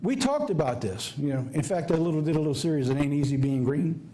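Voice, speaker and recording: A man's voice: on the high side, expressive, fast, warm tone. A man with a Southern US accent preaching a sermon, emphatic and folksy, firing off rhetorical questions. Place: church office or studio.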